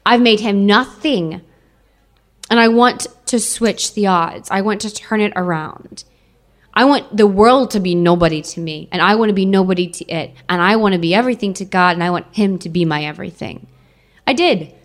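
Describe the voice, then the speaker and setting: A woman's voice: mid-range voice, normal speed. A young adult woman giving an emotional personal testimony to an audience, repeating phrases for emphasis.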